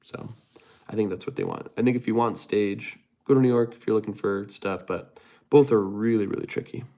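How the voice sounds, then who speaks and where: A man's voice: lowish voice, a little fast, mellow. A young man streaming live, casually reading viewer comments aloud and answering them. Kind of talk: casual livestream chat.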